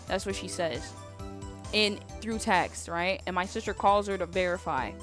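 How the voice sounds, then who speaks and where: A woman's voice: lowish voice, moderate pace, a bit bright, soft background music. A young woman streaming a game, chatting casually, blunt and exasperated, swearing freely. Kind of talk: casual live-stream chat.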